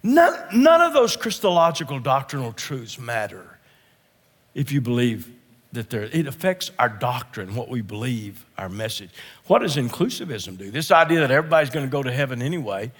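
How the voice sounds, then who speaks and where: Guy preaching a sermon, husky, keeps clearing his throat, loud then quiet, long church reverb. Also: medium pitch, big pitch swings, moderate pace. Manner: emphatic, repeats phrases, swings from loud to hushed. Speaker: guest preacher.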